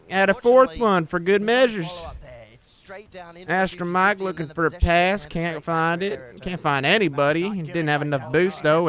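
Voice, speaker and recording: Streamer dude doing a loud folksy southern boy drawl, high and bright, teasing everyone. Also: exaggerated voice. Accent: put-on American Southern. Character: brash young male southern good ol' boy. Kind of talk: joking watch-party commentary.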